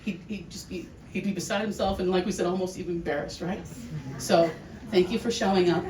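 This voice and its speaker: A woman giving a heartfelt memorial speech for her uncle, emotional and halting, with restarts and laughs. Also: lowish voice, fairly even intonation. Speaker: family member giving a eulogy. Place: large hall with an audience. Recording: echoey room, distant mic, noisy.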